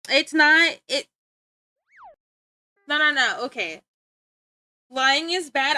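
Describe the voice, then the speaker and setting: A young woman streamer with a high, bright voice, rambling along and giggling often as she keeps getting sidetracked. The sound is close and dry, with no room around it. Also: animated, slow, long pauses, no echo. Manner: giggly, easily sidetracked, talks to chat and friends. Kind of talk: casual rambling stream chat.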